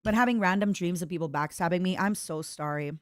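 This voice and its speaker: A young adult woman streaming, chatting casually with her viewers and slipping into squeaky impressions of friends. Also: fast talker, dry recording, clean studio sound. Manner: animated, bursts into high-pitched imitations. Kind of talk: casual chat with chat readers.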